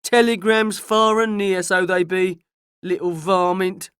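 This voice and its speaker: Lady doing a cranky village bloke, loud grumble, storybook voice, dry recording. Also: mid-range voice, steady tone, unhurried, smooth, no echo, lightly acted. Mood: grumbling. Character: grumbling rustic village man.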